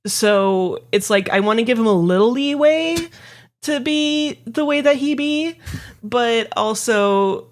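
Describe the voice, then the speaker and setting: A woman's voice: fairly high pitch, takes it slowly. A woman in her thirties co-hosting a podcast, chatting casually in a wry, drawling way and swearing freely. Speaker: podcast co-host. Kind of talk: casual chat.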